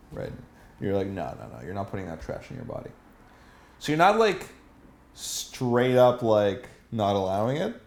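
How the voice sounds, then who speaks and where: A man's voice: on the low side, vocal fry, darkish tone. A man teaching a seminar as a dating coach, asking the room questions and acting out example lines.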